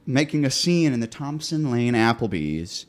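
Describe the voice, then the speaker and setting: A man's voice: medium pitch, big pitch swings, moderate pace. A man hosting a podcast, telling a long story in a laid-back way, often repeating words as he goes. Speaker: podcast host. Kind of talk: casual podcast chat.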